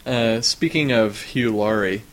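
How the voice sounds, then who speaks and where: A man's voice: fairly low pitch, unhurried. A man co-hosting a podcast, telling stories in an easygoing way with fillers. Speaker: podcast co-host. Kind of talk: casual chat.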